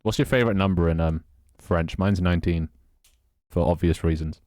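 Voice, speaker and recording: A man's voice: deep voice, moderate pace, darkish tone, dry recording, clean studio sound. An English man streaming live, chatting casually with his viewers, laughing often, swearing and fumbling through playful mock French. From England. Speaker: live streamer reading chat.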